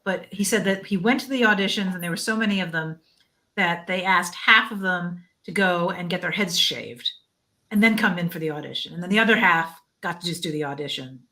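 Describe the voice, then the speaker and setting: A woman's voice: fairly low pitch, a little fast, sharp tone. A woman guest chatting casually and animatedly, laughing often. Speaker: guest author. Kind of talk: casual chat.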